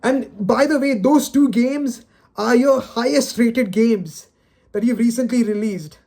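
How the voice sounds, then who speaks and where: This man's voice is very high-pitched yet dark and creaky, and he speaks a little slowly. Filming himself, the video creator delivers an unscripted solo rant, dejected and frustrated, sighing and stumbling over repeated words in exasperation.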